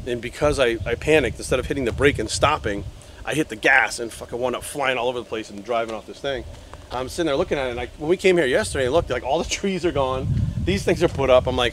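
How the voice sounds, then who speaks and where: A man in his forties telling a wild story by a road, animated and swearing freely. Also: mid-range voice, quick pace, noisy background. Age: 40s. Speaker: vlogger. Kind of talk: casual storytelling vlog. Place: outdoors by a road.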